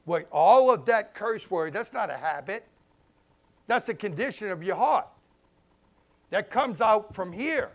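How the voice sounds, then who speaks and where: A man, a pastor preaching a sermon in a conversational way, swinging between loud emphasis and hushed asides. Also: sits high, animated, a little slow, long pauses. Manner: conversational, informal grammar and repeated phrases.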